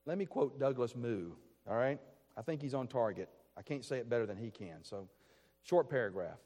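Earnest pastor preaching in a reverberant hall. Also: male voice, medium pitch, animated, moderate pace, a little mellow. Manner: earnest, frequent restarts, rhetorical questions. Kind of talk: sermon.

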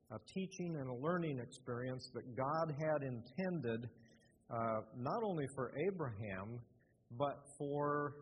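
An older man preaching in a church, halting with many fillers and restarts. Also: medium pitch, a little hiss or hum. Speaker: lay preacher. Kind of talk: sermon. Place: church sanctuary. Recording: muffled, with a long hall echo.

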